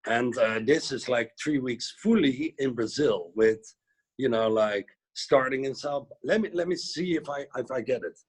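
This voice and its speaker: Dutch guy on a call, kinda husky voice, rambly and relaxed, lots of fillers. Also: medium pitch, moderate pace. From Netherlands. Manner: chatty, hesitant, with lots of "you know, like" fillers. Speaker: guest instructor. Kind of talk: casual interview over a video call.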